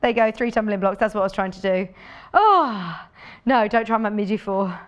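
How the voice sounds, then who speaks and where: A woman's voice: mid-range voice, moderate pace, smooth, lo-fi sound. A woman presenting sewing products on a live shopping channel, chatty and enthusiastic, thinking aloud as she demonstrates. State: out of breath. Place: TV studio.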